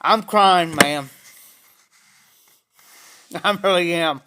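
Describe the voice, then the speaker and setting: A man, chatting slowly and rambling on a livestream from an auction house and greeting viewers by name. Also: on the high side, noisy background. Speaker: pipe-smoking livestream host. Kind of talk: casual livestream chat to viewers. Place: auction house, former bar room.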